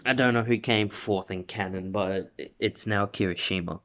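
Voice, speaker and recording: A man's voice: lowish voice, normal speed, fairly bright tone. A young man casually retelling a fan story, rambling with lots of "like" and self-corrections. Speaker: video creator.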